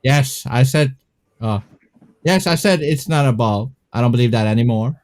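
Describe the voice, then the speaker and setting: A man's voice: medium pitch, moderate pace, a little mellow. A man guest on a live stream who talks over others and insists on his point in casual chat.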